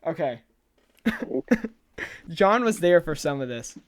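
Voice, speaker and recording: A man's voice: a little high, big pitch swings, takes it slowly, dry recording. A young man on a podcast, casually rambling through a story and laughing often as he talks. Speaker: podcast co-host.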